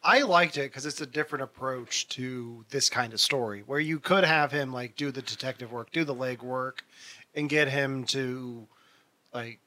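A man's voice: mid-range voice, normal speed, sharp tone. A man co-hosting a podcast, chatting casually and sharing his opinion in an easygoing way. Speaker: podcast co-host. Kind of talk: casual chat.

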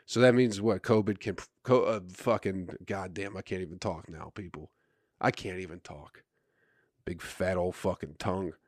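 A man's voice: low-pitched, steady tone, moderate pace, no echo, studio quality. A male comedian hosting his own podcast, rambling in a crude, sarcastic way with mock self-importance. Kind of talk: casual solo podcast monologue.

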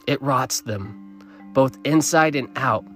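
A man's voice: medium pitch, takes it slowly, faint music behind. A man doing a wary older woman guide. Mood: hushed warning. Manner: urgent hushed warnings.

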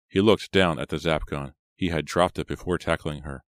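A man narrates a horror audiobook in a steady, measured way. His voice is extremely deep. The recording is dry and close, with no room sound. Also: dry recording. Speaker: audiobook reader.

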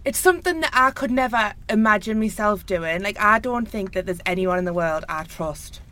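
A woman's voice: mid-range voice, lively intonation, normal speed, bright, forceful tone. A young woman with a Geordie accent hosting a casual interview and teasing her guests. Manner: teasing, laughs often. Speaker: host.

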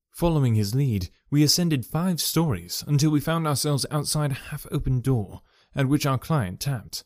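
A man narrating a classic detective story with steady storytelling. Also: medium pitch, normal speed, few pauses, dry recording, clean studio sound. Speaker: audiobook narrator.

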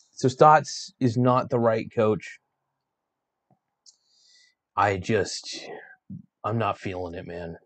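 Fed-up man ranting about basketball. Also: fairly low pitch. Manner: exasperated, swearing, rambling with restarts. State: yawning, tired. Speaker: sports vlogger. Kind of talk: frustrated sports rant.

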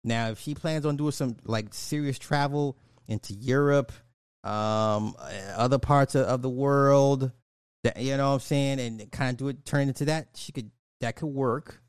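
A man's voice: medium pitch, darkish tone, smooth, dry recording, clean studio sound. Blunt profane man ranting. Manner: blunt, profane, repeats lines for emphasis. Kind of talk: casual commentary rant.

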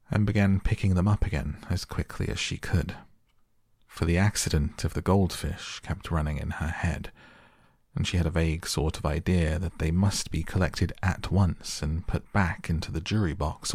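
Deep gravelly bedtime narrator, man. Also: dry recording, clean studio sound. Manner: calm, slow, soothing. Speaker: audiobook narrator. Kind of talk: soft bedtime storybook reading.

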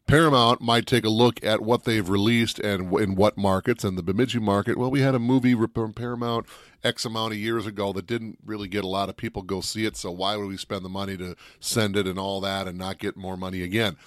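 A man's voice: lowish voice, fast, no echo, clean studio sound. A man co-hosting a podcast in casual chat, telling stories with playful energy. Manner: animated, playful storyteller. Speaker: podcast co-host.

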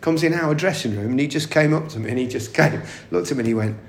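A middle-aged man with a gravelly, creaky edge recalls stories as an interview guest. He talks in a chatty, anecdotal way, breaks into laughter often and restarts his sentences mid-thought. The voice sits in an echoey room. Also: medium pitch, fast, slight background noise. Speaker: guest, former footballer. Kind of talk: casual interview storytelling.

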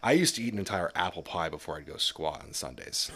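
Casting note: very low-voiced man, blunt podcast guest who swears and laughs a lot. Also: animated, fast, a bit bright, breathy edge. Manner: blunt, profane, laughs often. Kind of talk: casual chat.

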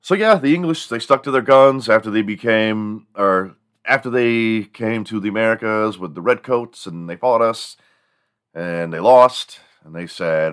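A man's voice: fairly low pitch, unhurried, smooth. A man hosting a comedy podcast, telling stories in a casual, crude, rambling way. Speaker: podcast host.

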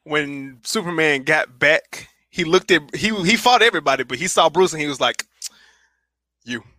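A man's voice: fairly high pitch, normal speed, sharp tone, no echo, clean studio sound. A man co-hosting a casual podcast, joking and reading from his notes. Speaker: podcast co-host. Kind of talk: casual chat.

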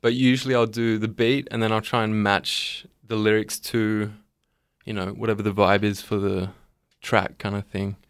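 A man's voice: on the low side, level tone, normal speed, clean tone, no room sound, studio quality. A man with an Australian accent, a musician guest on a radio show, talking in a laid-back, hesitant way with many ums. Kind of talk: casual radio interview. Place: radio studio.

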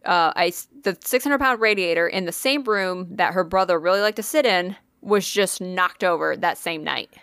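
A woman's voice: fairly low pitch, moderate pace, hardly any pauses, fairly bright tone, clean tone, no room sound, clean studio sound. A woman co-hosting a podcast, telling a ghost story in casual chat, swearing freely and using lots of fillers.

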